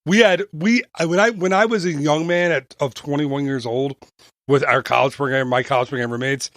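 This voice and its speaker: A man's voice: fairly high pitch, fairly quick, fairly bright tone, dry recording, studio quality. A man co-hosting a casual travel podcast, rambling and joking, often tripping over his words and restarting. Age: adult. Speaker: podcast co-host.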